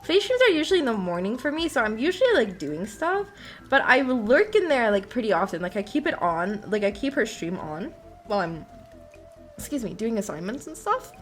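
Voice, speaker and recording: A young woman streaming and chatting casually. Her voice sits high and swings widely in pitch. She rambles and breaks into giggles often. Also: sing-song, a little fast, soft background music. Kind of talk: casual chat.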